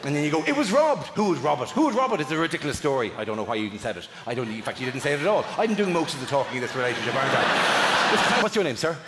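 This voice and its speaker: Casual irish guy ribbing the crowd, fast and animated, boomy hall sound. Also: music in the background. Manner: rapid teasing banter, swearing. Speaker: stand-up comedian. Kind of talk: stand-up crowd work. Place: large theatre. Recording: echoey live theatre recording. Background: loud audience laughter.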